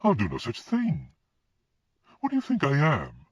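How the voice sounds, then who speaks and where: A proud, distraught woman with a sharp tongue, as a male reader puts her on. The voice is pitched high, lively and emphatic, a little husky. It is heard on a dull, lo-fi recording. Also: a little slow, dry recording, exaggerated voice. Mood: indignant. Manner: raised pitch, emphatic and indignant.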